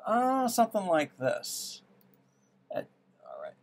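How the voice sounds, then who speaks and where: A man's voice: high-pitched, wildly swooping pitch, slow pace, gravelly. A man teaching music theory, trying out ideas aloud and musing as he works through them. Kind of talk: thinking-aloud music lesson. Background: piano playing.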